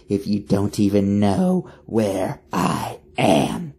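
A man's voice: on the low side, sing-song, slow, vocal fry, mellow, breathy edge, pitched below the performer's own voice, heavily acted. A man voicing a smug trickster villain who bends light, taunting his foes with gleeful laughter.

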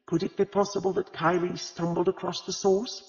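A man voicing a gentle, wry vicar's wife who speaks ruefully and calmly. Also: high voice, normal speed, pitched above the performer's own voice. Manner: rueful and calm. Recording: dull lo-fi audio with long reverb.

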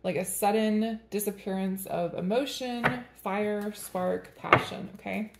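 A woman's voice: mid-range voice, fairly even intonation, measured pace, gravelly, reverberant, heavy background noise. A woman giving a tarot reading to camera in a casual, rambling way, chatting and laughing between the cards. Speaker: tarot reader.

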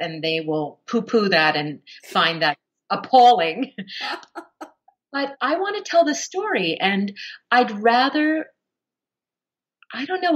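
A woman audiobook narrator, a guest on a podcast, explaining her craft at length with expressive, shifting emphasis. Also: medium pitch. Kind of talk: podcast interview answer.

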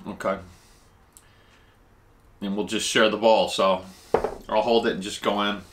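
A man's voice: a little slow, background noise. A man hosting a casual food vlog, tasting dishes and explaining Japanese food words as he eats, talking with his mouth full. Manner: eats while talking, with lively jumps in pitch.

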